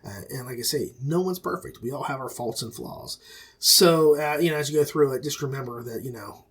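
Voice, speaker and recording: A man's voice: mid-range voice, brisk, husky. A middle-aged man hosting an audiobook review podcast, talking in a rambling, folksy, self-correcting way. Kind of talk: casual review monologue.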